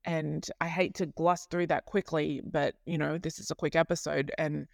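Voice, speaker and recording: A woman hosting a podcast in a chatty, animated monologue, often correcting herself mid-sentence. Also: deep voice, moderate pace, creaky, no room sound, clean studio sound. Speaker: podcast host.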